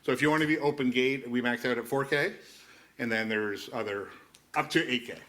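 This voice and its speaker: A man's voice: mid-range voice, a little fast, a bit bright. A man presenting a camera, answering audience questions in a casual, jokey way. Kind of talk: conference Q&A.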